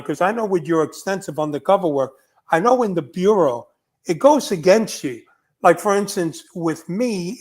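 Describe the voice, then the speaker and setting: An older man, a retired undercover agent, telling stories in a blunt, emphatic podcast conversation. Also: on the high side.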